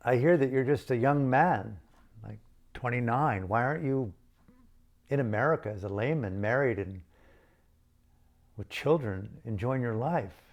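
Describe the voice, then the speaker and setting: A man's voice: mid-range voice, measured pace, long pauses, natural voice. A man voicing a frank, teasing elderly woman in a spoken story, with a wry, quipping manner.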